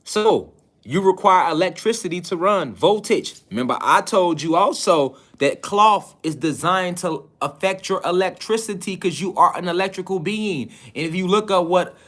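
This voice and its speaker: A man's voice: high voice, normal speed, a bit bright. A man giving a preachy spiritual lecture online, insistent and emphatic, who keeps firing rhetorical questions at his listeners.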